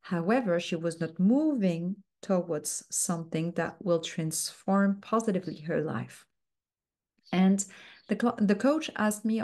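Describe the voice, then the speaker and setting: A woman mentor teaching a coaching technique, speaking slowly and softly with frequent fillers. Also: medium pitch. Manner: slow, soft-spoken, uses many fillers.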